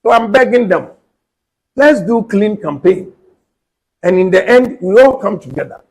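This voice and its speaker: A man's voice: high-pitched, animated, measured pace, gravelly, rough recording. A Ghanaian man, a politician, making an emphatic, combative political statement and repeating points for stress.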